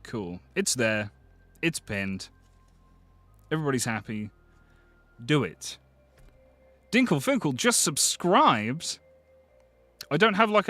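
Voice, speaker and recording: A British man hosting a live stream, chatting casually with viewers, excitable and swearing freely. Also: mid-range voice, measured pace, pauses often, no room sound, faint music behind. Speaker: livestream host.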